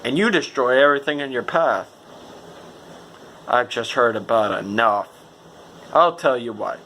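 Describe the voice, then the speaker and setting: Man doing a ruthless outlaw boss, bright voice, deliberate menacing reads. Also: mid-range voice, lively intonation, a little hiss or hum, low-quality recording.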